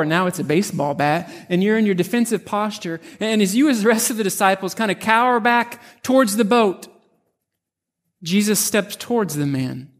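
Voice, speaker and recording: A male pastor with a notably high voice preaches a narrative sermon, retelling a scene vividly in the second person. He talks with frequent restarts and repeated words.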